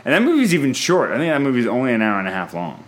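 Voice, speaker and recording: A man in a relaxed film talk, chatty and self-correcting as he works through his thoughts. His voice sits at an ordinary middle pitch, and his delivery is casual and conversational. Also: rapid-fire. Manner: chatty, thinks aloud with restarts. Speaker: podcast host, film reviewer. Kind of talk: casual film review chat.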